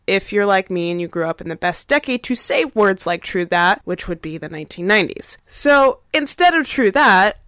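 A woman's voice: medium pitch, a bit bright, no echo, studio quality. A woman in her thirties telling a playful, self-mocking story about a puzzling phrase. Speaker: contributor sending in a question. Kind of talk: scripted monologue.

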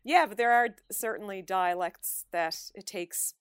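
A woman's voice: mid-range voice, a little slow, clean tone, dry recording. Newfoundland woman guest, chatty, laughs a lot, dry close mic. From Newfoundland, Canada. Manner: animated storyteller, laughs often. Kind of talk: casual chat.

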